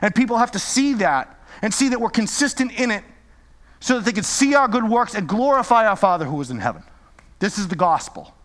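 Impassioned high-voiced male pastor. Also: expressive, fairly quick, a bit bright, big-room sound. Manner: impassioned, repetitive exhortations. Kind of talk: sermon.

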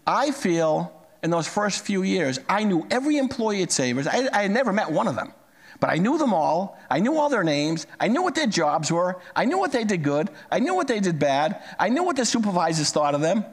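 A man's voice: sits high, sing-song, a little fast, husky. A man in his sixties telling a personal story in a plain-spoken, conversational way. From United States. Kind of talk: storytelling talk.

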